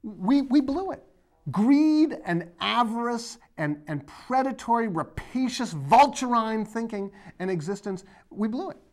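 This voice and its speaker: A man's voice: very high voice, animated, measured pace. A man from the area, hosting his own video blog and ranting about politics in a rambling, sarcastic, emphatic way. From Boston area, USA.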